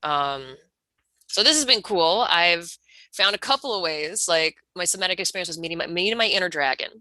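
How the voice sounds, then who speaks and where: Low-voiced woman, raw and profane. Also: lively intonation, a little fast, bright, forceful tone, no echo. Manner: raw, heavy swearing, frequent restarts. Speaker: peer sharing partner. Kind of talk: candid emotional sharing.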